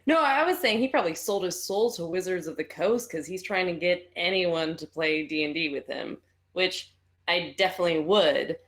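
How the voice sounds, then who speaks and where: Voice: medium pitch, moderate pace, a bit bright. A co-host on a casual podcast, talking in a teasing, chatty way. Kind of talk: casual live-stream chat.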